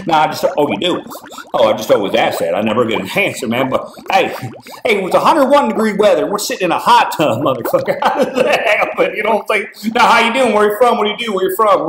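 A crude, nosy loudmouth tourist, played by a man, in a high, bouncing voice. He fires off repetitive small-talk questions. The sound is echoey, with loud noise behind.

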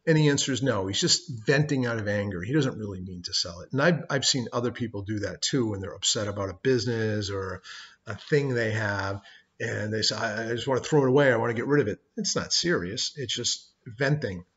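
A man's voice: mid-range voice, fairly bright tone, dull audio. A middle-aged man teaching law in a conversational lecture, telling personal stories as examples. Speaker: law instructor. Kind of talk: recorded lecture. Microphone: webcam.

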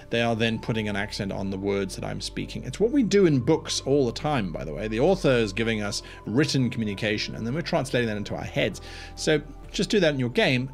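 A man's voice: mid-range voice, creaky. A man who runs tabletop games, chatting casually and animatedly through tips, with rambling asides. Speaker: game master giving tips. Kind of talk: casual tutorial talk.

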